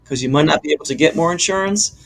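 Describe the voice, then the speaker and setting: Male advisor voice with some fry, pitched a bit high, explaining patiently. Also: fairly bright tone, slight background noise. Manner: measured, hesitant, with fillers. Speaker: insurance expert co-host. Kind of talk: explanatory casual chat.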